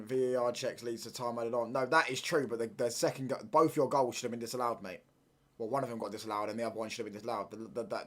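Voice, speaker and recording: A man, ranting in heavy slang and repeating himself as he hosts a live football watchalong stream. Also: mid-range voice.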